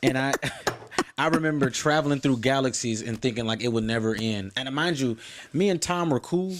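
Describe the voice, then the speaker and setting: A man's voice: mid-range voice, moderate pace, very noisy. A young man co-hosting a podcast, talking earnestly in casual chat with many restarts. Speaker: podcast co-host.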